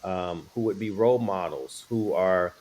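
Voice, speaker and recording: A middle-aged man with a fairly low voice talks as a guest, easygoing and playful. He tells his story casually and slips into acting out what others said. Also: unhurried. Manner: relaxed, playful, acts out quoted voices.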